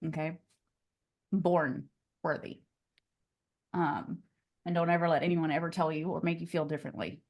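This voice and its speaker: A woman teaching real estate agents on a live video call. Her delivery is energetic and chatty, scattered with "like" and "okay?" as she pushes the group along. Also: low voice, moderate pace, pauses often, dull audio. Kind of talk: live online class coaching.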